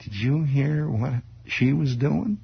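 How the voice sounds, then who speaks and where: A man with a gravelly voice playing a gossipy schoolboy who talks in a hushed, conspiratorial way. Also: medium pitch, takes it slowly, exaggerated voice. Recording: dull lo-fi recording.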